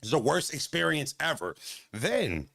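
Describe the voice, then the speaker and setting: A man's voice: on the high side, very animated, measured pace, creaky, fairly bright tone, no echo, clean studio sound. An American man from Pennsylvania telling a story in casual chat, swearing often and laughing as he acts out the voices of others.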